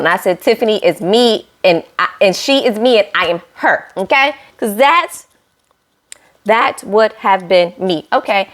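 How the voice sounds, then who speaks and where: A woman talks through a reality show episode for her viewers. She speaks at a middle pitch, casual and animated. She keeps breaking off for playful asides to her audience. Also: measured pace. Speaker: reality TV reviewer. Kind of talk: casual recap vlog.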